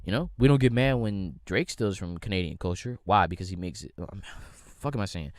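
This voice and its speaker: Young man, podcast host, profane rambling rant, animated pitch, dry close sound. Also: fairly quick, no echo. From United States. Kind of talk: casual solo rant.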